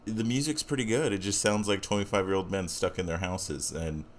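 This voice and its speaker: A man's voice: deep voice, fairly quick, a little hiss or hum. A young man hosting his own podcast, talking casually in a rambling, self-deprecating way with lots of fillers. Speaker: podcast host. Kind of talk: casual solo podcast intro.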